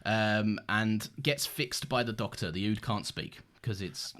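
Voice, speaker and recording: A man co-hosting a podcast in casual chat, enthusiastic and quick to laugh. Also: lowish voice, a bit bright. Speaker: podcast co-host.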